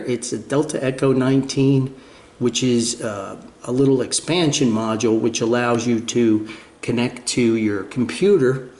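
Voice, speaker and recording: A man's voice: medium pitch, a little mellow. Rambling New Jersey man in an echoey room. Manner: rambling and self-deprecating, with fillers and restarts. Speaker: ham radio video host. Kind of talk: casual show-and-tell chat. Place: home radio room.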